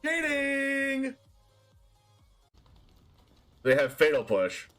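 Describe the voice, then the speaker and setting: A man giving excited gameplay commentary on a card game he streams, yelping and laughing as he talks to himself. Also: very high voice, very slow, faint music behind.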